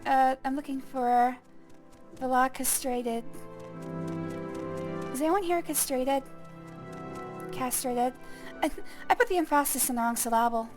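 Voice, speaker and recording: A woman with a high, light voice talks through a let's-play. Her commentary is loose and rambling, full of crude jokes and silly tangents. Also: moderate pace, long pauses, music in the background. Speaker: gaming streamer.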